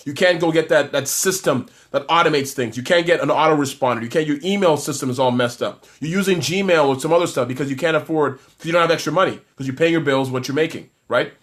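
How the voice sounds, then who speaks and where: A man's voice: a little high, fast talker, few pauses, a bit bright. A man from Toronto, a business coach doing a live stream, talking energetically and reading out viewer comments, with many restarts. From Toronto, Canada.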